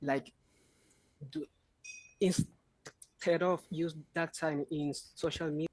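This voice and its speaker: A man answering speaking test questions in halting English, searching for words over a video call. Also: a little high, steady tone, darkish tone. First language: Spanish. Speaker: test candidate.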